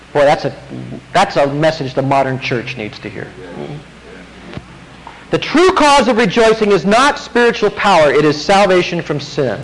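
A man preaching a sermon, animated, acting out quotes and asking the congregation questions. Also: on the high side, poor audio.

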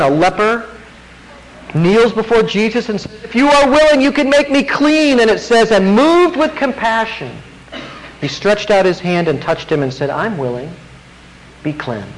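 A man preaching a sermon, animated, acting out quotes and asking the congregation questions. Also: sits high, low-quality recording.

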